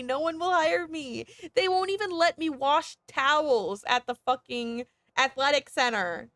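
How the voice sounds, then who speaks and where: High, bright-voiced woman ranting on stream. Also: a little slow, hardly any pauses, no echo. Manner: animated, heated and sweary, with laughing asides. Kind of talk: casual ranting chat while gaming.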